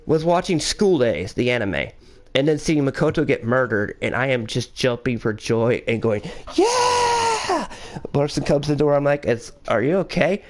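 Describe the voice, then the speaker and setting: A young man hosting a podcast in casual chat, telling stories in a rambling, animated way. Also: medium pitch, normal speed. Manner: rambling, animated storytelling with laughs. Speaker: podcast host.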